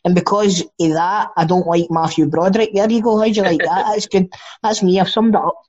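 Scottish guy on a movie podcast, kinda high voice, jokey and sweary, bit muffled audio. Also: fairly even intonation, fairly quick, a little mellow. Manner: chatty, jokey, swears freely. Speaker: podcast co-host. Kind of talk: casual film-chat podcast.

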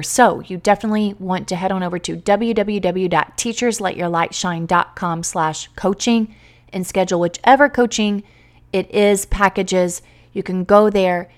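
A woman hosting a podcast, talking earnestly and emotionally straight to her listeners in a heartfelt, faith-based way. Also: fairly low pitch. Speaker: podcast host and teacher coach.

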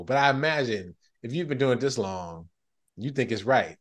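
A man hosting a podcast in casual chat, animated and breaking into loud excited bursts. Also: medium pitch, a little slow. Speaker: podcast host.

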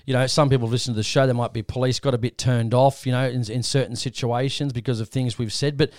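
This is fast, mid-range speech from an Australian podcast host with no room sound and a clean studio sound. He rambles through a casual story, animatedly quoting others in their own voices.

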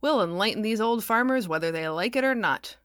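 A woman voicing an upbeat male small-town pastor in an audiobook, brisk and persuasive. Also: medium pitch, animated, fairly bright tone, no echo, studio quality, close to an everyday voice. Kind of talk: audiobook character voice.

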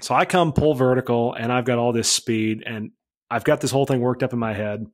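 A man's voice: mid-range voice, fairly quick. A man telling a story about flying, casual and blunt, swearing freely and acting out radio calls. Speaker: aerobatic pilot guest.

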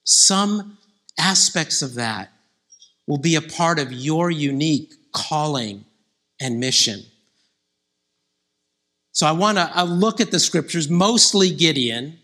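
A man preaching a conversational sermon, growing animated when he quotes scripture figures. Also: on the high side.

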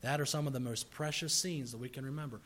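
Forceful earnest man preaching a sermon. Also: medium pitch, steady tone, fast. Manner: earnest pleading exhortation, rising to forceful emphasis. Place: church service.

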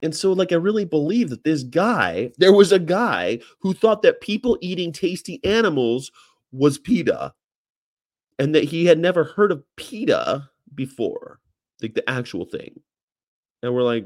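A man's voice: fairly high pitch, big pitch swings, measured pace, a little mellow, dry recording, studio quality. A man, a vegan activist, chatting casually and animatedly, with profanity and funny impressions of people. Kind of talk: casual chat. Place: Charlotte, North Carolina.

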